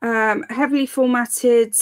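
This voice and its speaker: A woman's voice: on the high side, fairly even intonation, unhurried, clean tone. A young woman hosting a live stream, chatting casually and reading viewer comments aloud in a giggly, bemused way. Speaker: livestream host.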